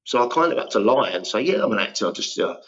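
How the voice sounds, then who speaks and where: Male, 50s, mid pitch, self-deprecating raconteur, lo-fi sound. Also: sing-song, fast talker, fairly bright tone, slightly rough. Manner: rambling self-deprecating storytelling. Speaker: guest actor. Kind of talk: casual interview chat.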